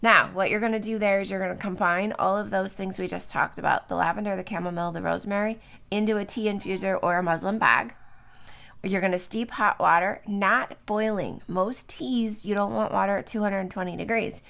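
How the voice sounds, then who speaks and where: A woman's voice: mid-range voice, fairly even intonation, a little fast, creaky, fairly bright tone. A middle-aged woman hosting a solo podcast at home, chatty and loose, full of fillers and little tag questions. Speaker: podcast host. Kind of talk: solo podcast talk on herbs. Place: home, early morning.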